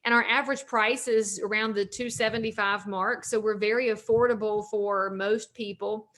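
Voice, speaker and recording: A realtor and author in her forties from North Carolina talks at length in a casual interview, upbeat and joking. She has a Southern US accent and a mid-range, slightly bright voice with a steady tone at normal speed.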